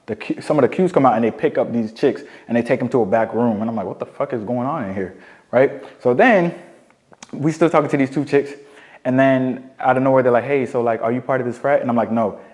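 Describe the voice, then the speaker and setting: Fast-talking slangy young man. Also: medium pitch. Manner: slangy, profane, animated storytelling. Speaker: dating coach. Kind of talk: casual storytelling monologue.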